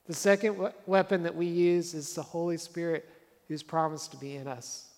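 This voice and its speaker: A man's voice: fairly high pitch, little pitch movement, moderate pace, darkish tone, long reverb tail. A man preaching a sermon as a pastor, conversational and earnest, driving points home with repeated phrases.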